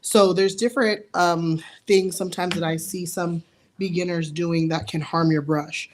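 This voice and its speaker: A young woman with a raspy voice, chatting casually while she demonstrates a nail technique live. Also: on the low side, steady tone, moderate pace, darkish tone. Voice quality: raspy from allergies. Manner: chatty, friendly, lots of fillers. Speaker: nail artist giving a live demo. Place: nail studio indoors.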